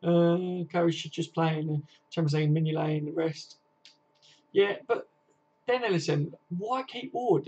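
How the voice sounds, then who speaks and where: A man's voice: on the high side, highs cut off. A man hosting a casual football fan live stream, reading viewer comments and chatting in a slangy, friendly way, calling everyone mate and lads. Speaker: football fan channel host.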